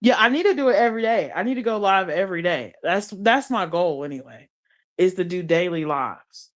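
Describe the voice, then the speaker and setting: A woman's voice: fairly low pitch, lively intonation, fairly quick. A woman live-streaming from her phone while lying in bed, chatting casually and in slang, reading her chat aloud and laughing often. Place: her bed under blankets.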